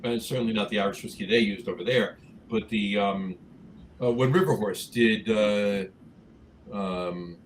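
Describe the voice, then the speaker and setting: A man's voice: fairly low pitch, moderate pace, a little hiss or hum. A man co-hosting a casual beer podcast, rambling with many restarts and fillers. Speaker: podcast co-host. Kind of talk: casual chat about craft beer.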